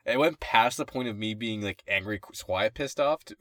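A young man with a low but bright, forceful voice co-hosts a casual chat. He rants about his bad luck, swears freely and breaks into laughter often. The sound is dry and close. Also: moderate pace, no room sound. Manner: laughs often while ranting, swears a lot. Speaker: podcast co-host.

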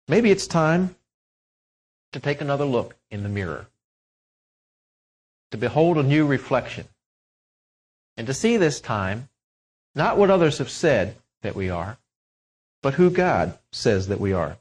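A man preaching a sermon, swinging from loud emphatic peaks to soft, hushed lines. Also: medium pitch, big pitch swings, measured pace, long pauses, poor audio. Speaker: pastor.

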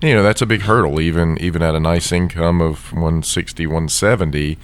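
A man with a very deep, low voice co-hosts a podcast. He talks in an easy, affable manner and steers the conversation with questions. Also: steady tone, fairly quick. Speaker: podcast co-host. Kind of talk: casual interview chat.

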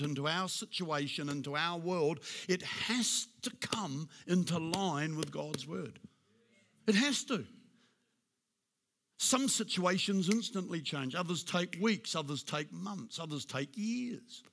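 Husky man preaching with loud swells. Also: a little high. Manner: emphatic, rising to loud declarations then dropping to soft prayer. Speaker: pastor. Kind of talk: sermon.

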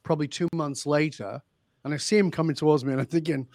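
Animated storytelling man, dry close sound. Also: a little high, fast talker, dry recording. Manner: animated storyteller, acts out dialogue. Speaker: leadership speaker, guest. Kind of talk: storytelling in a podcast interview.

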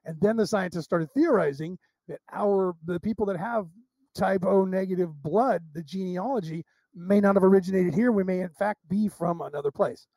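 A man being interviewed, telling rambling, animated stories full of restarts and asides. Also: high voice, normal speed, dry recording. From United States. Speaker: interview guest. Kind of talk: casual storytelling interview.

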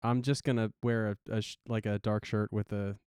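A man with a Philadelphia-area accent, co-hosting a movie podcast in an animated, chatty way. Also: on the low side, normal speed, smooth, dry recording, clean studio sound. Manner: animated, laughs a lot. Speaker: podcast co-host. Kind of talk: casual chat.

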